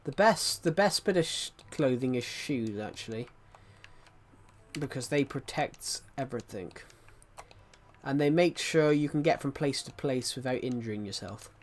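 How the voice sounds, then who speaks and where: A man's voice: medium pitch, lively intonation, measured pace. Rambling male streamer. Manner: rambling, restarts often, chatty asides to viewers. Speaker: livestreamer. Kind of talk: casual livestream chat.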